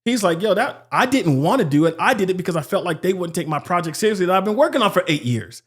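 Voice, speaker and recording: A man co-hosting a podcast in casual chat, animated, acting out other people's quotes as he talks. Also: fast talker, husky. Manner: animated, acts out quotes with shifting pitch. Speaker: podcast co-host.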